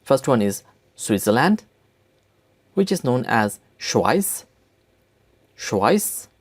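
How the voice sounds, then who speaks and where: A man teaching a language lesson, speaking slowly and deliberately and repeating each word for learners. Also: mid-range voice, very animated. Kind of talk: slow spoken language lesson.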